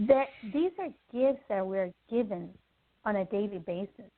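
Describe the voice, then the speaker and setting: A woman's voice: mid-range voice, a little slow. A woman guest on a podcast, talking through everyday lessons in a casual teaching style, acting out little scenes and checking in with "okay?". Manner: animated, acts out little scenes in quoted voices; repeats "okay?" to check in with the listener. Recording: tinny phone line.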